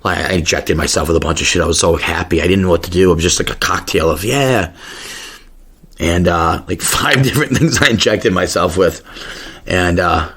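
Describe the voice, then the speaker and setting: Brief: low-voiced male podcast host, husky tone, swears freely while spinning a rambling yarn. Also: normal speed. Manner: profane, rambling and excitable. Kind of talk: casual storytelling rant.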